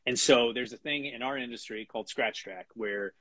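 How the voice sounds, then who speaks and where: Middle-aged man, interview guest, husky voice, dry close sound, halting, lots of fillers and restarts. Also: mid-range voice, a bit bright, no room sound. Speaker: guest, animation writer. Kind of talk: casual interview chat.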